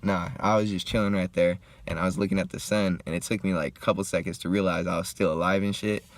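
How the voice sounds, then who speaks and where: A young man telling a story in a laid-back, slangy, profane way while getting high and smoking. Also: steady tone, fast talker, no echo. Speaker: vlogger. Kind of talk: casual storytime.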